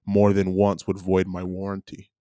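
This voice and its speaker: A man's voice: deep voice, completely flat delivery, normal speed, mellow, clean tone, no echo. A man chatting casually as a podcast co-host, telling a story with animation and acting out both sides of an argument. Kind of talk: casual chat. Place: living abroad.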